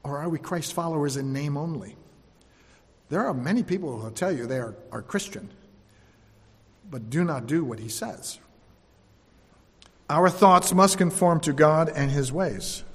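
A man preaching a sermon, repeating phrases for emphasis and dropping to quieter tones. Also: a little high, unhurried, long pauses, slightly rough. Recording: long hall reverb.

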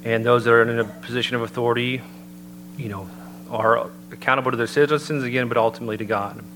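A man giving an earnest, measured sermon-style talk and citing scripture as he builds his points. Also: medium pitch, fairly even intonation. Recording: noticeable background hum.

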